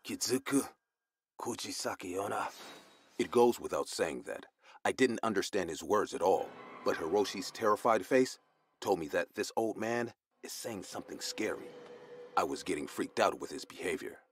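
A man reading a scripted horror story in the first person, in an even storytelling delivery. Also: sits low, moderate pace. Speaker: narrator.

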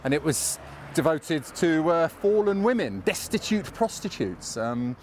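A man's voice: a little high, sing-song, unhurried, darkish tone, a little hiss or hum. A man with an English accent guiding a casual walking tour, rambling and chatty with a self-mocking streak, recorded outdoors on a city street. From England.

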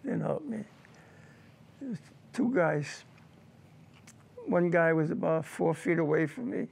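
Gravelly older veteran recalling war. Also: male voice, fairly high pitch, lively intonation. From United States. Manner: emotional, halting recollection with repeated words. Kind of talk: personal war testimony.

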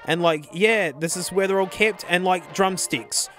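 High voiced aussie guy gushing his way round a music shop, mate every other line. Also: measured pace. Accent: Australian. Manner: excitable, gushing, says "mate" constantly. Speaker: vlog host. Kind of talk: casual walkaround vlog. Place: indoor music store, walking around.

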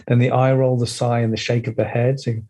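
A man leading a lively online workshop, playfully acting out inner voices and swearing casually. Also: mid-range voice. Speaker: workshop teacher.

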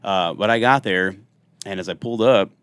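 A man in his thirties spins lively, jokey stories from his police days. He acts out every quoted line with a rising, playful voice. His voice sits a touch low and the sound is close and dry. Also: moderate pace, smooth, no echo. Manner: animated, jokey storyteller who acts out quotes. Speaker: country singer and former police officer. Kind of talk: casual storytelling in a podcast interview.

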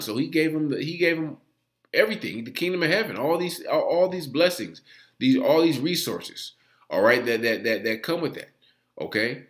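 This religious teacher has a fairly high, slightly bright voice, speaking animatedly at a moderate pace in a reverberant space. He preaches and teaches from scripture, stammers and restarts often, and fills almost every phrase with "all right."

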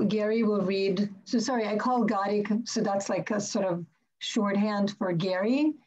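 A woman's voice: mid-range voice, warm tone. A woman poet hosting a reading over a video call, chatty and laughing, often repeating words before she reads a poem aloud. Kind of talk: casual poetry reading. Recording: dull lo-fi video call audio.

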